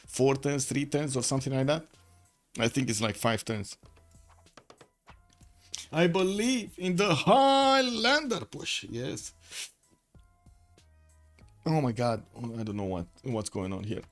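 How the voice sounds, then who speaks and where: Man, mid-pitched voice, live game caster, rambling with fillers, soft music behind. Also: measured pace, long pauses. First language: Romanian. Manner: chatty, thinks aloud with many fillers. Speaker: esports caster. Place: home room with the window shut.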